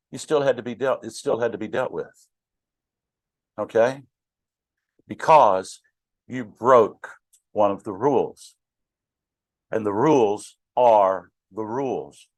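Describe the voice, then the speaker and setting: A man's voice: lowish voice, no room sound. A middle-aged man teaching a Bible class in a conversational way, asking the class questions and joking with them. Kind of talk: interactive Bible study teaching.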